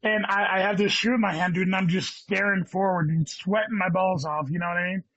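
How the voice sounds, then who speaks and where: A man's voice: high-pitched, steady tone, brisk, a bit bright, lo-fi sound. A man in his thirties, a guest comedian, rambling through a story and saying "dude" a lot. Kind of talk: casual chat.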